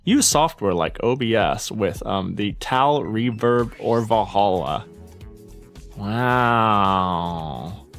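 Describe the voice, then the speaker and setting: A male streamer rambling through a casual live chat, his pitch bouncing up and down a lot as he self-interrupts and swears. He talks slowly and sounds a little out of breath, with faint music playing behind him. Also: lively intonation, fairly bright tone. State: slightly out of breath.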